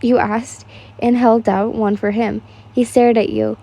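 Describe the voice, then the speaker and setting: A woman's voice: a little high, unhurried, warm tone. A young woman casually reading fan fiction aloud, stumbling over words and laughing at the text.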